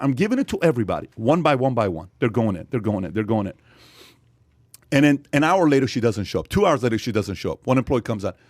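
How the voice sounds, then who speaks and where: A man hosts a podcast and tells a long story in an energetic, emphatic way, his voice jumping up loud for emphasis. His pitch sits in the middle for a man. The sound is dry and close, with no room echo. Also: fast talker. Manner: sudden loud jumps in pitch and level for emphasis. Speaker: podcast host. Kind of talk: animated storytelling in podcast chat.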